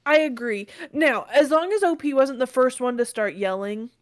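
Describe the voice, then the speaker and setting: A woman's voice: high-pitched, normal speed, no echo, studio quality. A young woman co-hosting a podcast, chatting casually and joking with lots of laughter. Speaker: podcast co-host. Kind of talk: casual chat.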